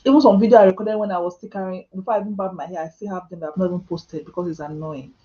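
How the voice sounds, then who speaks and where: A Nigerian woman chats on a live stream, joking about herself and breaking into laughter between answers to viewers. Her voice is mellow and warm, and the sound is a bit dull and muffled. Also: lowish voice, steady tone, racing. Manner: chatty and self-mocking, laughing often, with Nigerian Pidgin asides. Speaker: vlogger answering live chat questions. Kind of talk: casual live-stream chat. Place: home.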